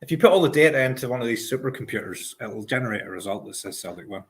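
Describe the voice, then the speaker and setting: Scottish male co-host, mid-pitched, measured but halting delivery. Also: animated. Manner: hesitant, repeats words at the start of phrases. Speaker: podcast co-host. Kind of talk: casual football podcast chat.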